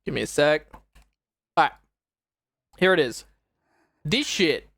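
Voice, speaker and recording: A woman's voice: deep voice, takes it slowly, dry recording, studio quality. A young woman streaming, giving casual, profane and exasperated reaction commentary on a show. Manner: exasperated, profane, animated retelling.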